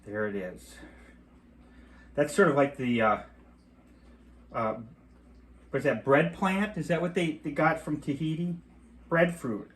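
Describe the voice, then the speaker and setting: A man's voice: a little high, slow pace, pauses often, a bit bright. A middle-aged man from Michigan's Upper Peninsula hosting a casual home cooking demonstration, chatty and rambling with mild cursing, in a home kitchen. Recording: clear chopping noise behind voice. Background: knife chopping and clicks.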